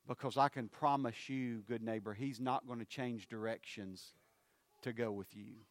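Preacher guy, swings from big rising calls to low hushed bits, dry sound. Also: steady tone, normal speed, no room sound. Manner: swings between loud, rising appeals and low, hushed phrases. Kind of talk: sermon.

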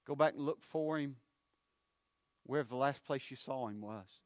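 A man, preaching a sermon. His loud, rising appeals drop to low, hushed phrases. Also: moderate pace, dry recording.

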